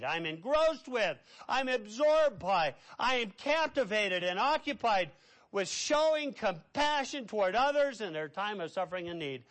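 Impassioned male pastor preaching. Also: high-pitched. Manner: impassioned preaching, swinging between hushed and loud. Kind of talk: sermon.

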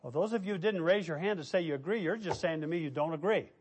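A man preaching a sermon, telling stories with lively quoted voices and quiet asides. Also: fairly high pitch, quick pace, husky. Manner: animated, quotes figures in raised voice, drops to quiet asides. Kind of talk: sermon storytelling.

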